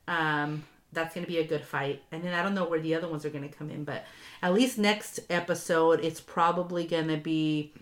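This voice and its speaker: A woman's voice: low-pitched, brisk. Chatty woman recapping reality TV. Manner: chatty, animated retelling with laughs. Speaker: podcast host. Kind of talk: casual reality TV recap chat.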